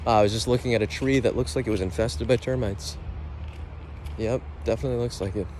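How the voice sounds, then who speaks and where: A man thinking out loud outdoors near a lake, rambling in a playful, self-questioning way. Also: medium pitch, steady tone, quick pace, a little hiss or hum. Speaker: vlogger. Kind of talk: casual reflective monologue.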